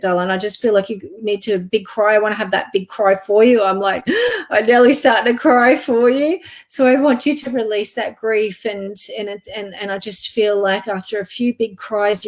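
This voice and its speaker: A woman giving a psychic card reading on a live online stream. She talks softly and gently, halting often with fillers. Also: medium pitch. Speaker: psychic reader.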